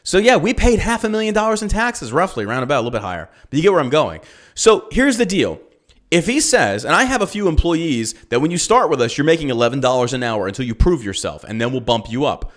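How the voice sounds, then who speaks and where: A man's voice: mid-range voice, sing-song, fast, few pauses. Profane, heated man ranting on a podcast. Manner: profane, heated, rhetorical questions. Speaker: podcast host and business owner. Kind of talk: ranting political commentary. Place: lives in Texas.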